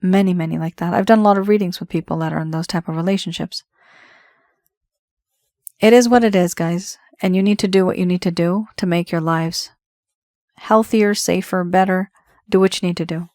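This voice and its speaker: A woman's voice: on the low side, steady tone, a little fast, darkish tone, no echo, clean studio sound. A woman giving a tarot reading, talking straight to the viewer in a conversational, reassuring way. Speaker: tarot reader.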